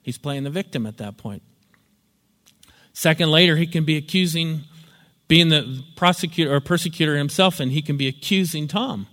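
A man with a fairly high voice explains ideas through a story, in a lecturing, storytelling manner. A long hall reverb trails each phrase. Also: lively intonation, fairly quick, fairly bright tone. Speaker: teacher. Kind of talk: spoken lecture with acted examples.

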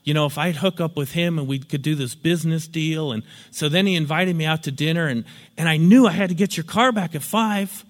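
A man's voice: on the high side, a little fast, close to an everyday voice. A man voicing a pleading, self-pitying male friend who makes excuses and guilt-trips. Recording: long hall reverb.

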